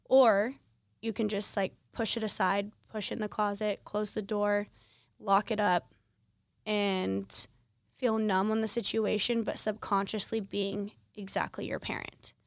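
A woman's voice: medium pitch, level tone, a little slow, gravelly, no room sound. Young woman podcasting about her own life, super candid and chatty, lots of likes and ums, dry mic with no room sound. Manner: candid, conversational, many fillers like "like" and "um". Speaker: podcast host. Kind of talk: personal storytelling monologue.

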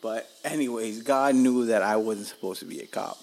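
A man's voice: lowish voice, normal speed, darkish tone, a little hiss or hum. Profane, rambling Miami man. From Miami, Florida. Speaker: podcast host. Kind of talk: casual storytelling monologue.

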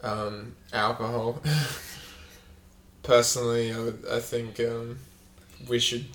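A man co-hosting a podcast in casual chat, rambling and joking, with a loud fake laugh. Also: medium pitch, completely flat delivery, takes it slowly, echoey room, slight background noise. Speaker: podcast co-host.

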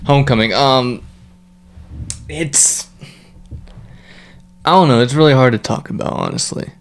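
Man, mid-pitched voice, casual podcast talk, easygoing, quick to agree. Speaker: podcast co-host. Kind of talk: casual chat.

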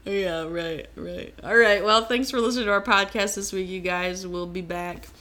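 A woman's voice: medium pitch, fairly even intonation, normal speed, pushed and bright. A young woman co-hosting a podcast in casual chat, bubbly and full of fillers. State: pregnant, hiccups. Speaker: podcast co-host.

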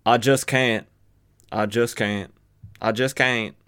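A man's voice: mid-range voice, steady tone, slow pace, fairly bright tone, clear, resonant tone, dry recording, studio quality. A man voicing a stubborn, wounded gunslinger, putting on a mock Southern US drawl. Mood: insistent.

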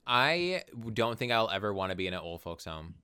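A young man co-hosting a podcast in casual chat, expressive, often jumping into high playful voices when quoting people. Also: a little fast, smooth. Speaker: podcast co-host.

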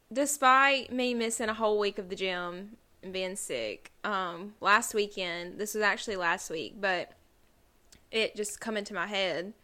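Bright-voiced woman telling stories. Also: mid-range voice, unhurried. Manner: rambling storyteller, heavy use of "like". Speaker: podcast co-host. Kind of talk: casual podcast chat.

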